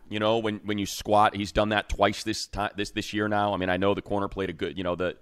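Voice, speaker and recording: Deep-voiced man in opinionated sports chat. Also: quick pace, few pauses, clean tone, no room sound, studio quality. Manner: opinionated, heats up into animated rants. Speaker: co-host. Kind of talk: casual sports talk.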